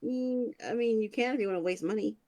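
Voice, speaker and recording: A woman's voice: a little high, fast, a little mellow. A woman narrating as dungeon master in a casual, hesitant way, with many fillers and restarts. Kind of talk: narrating a tabletop game.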